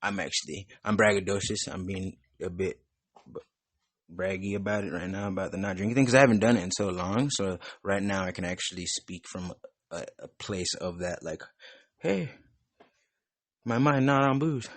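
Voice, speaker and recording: Rambling, cursing host with low husky voice. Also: male voice, steady tone, a little fast, no echo. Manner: rambling, profane, loose. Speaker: podcast host. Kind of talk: casual chat.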